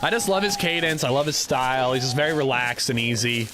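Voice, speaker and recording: Male streamer, young adult, easygoing chatter, mid-pitched voice, noisy audio. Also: a little fast. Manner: relaxed, chatty, reads chat aloud. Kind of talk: casual gameplay chat with viewers.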